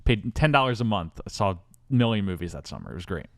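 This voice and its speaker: A fairly low-voiced man hosting a casual podcast, his pitch swinging widely as he tells a story with mock-epic grandeur. The sound is close and dry, with no room behind him. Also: big pitch swings, fast talker, vocal fry, no echo. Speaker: podcast host.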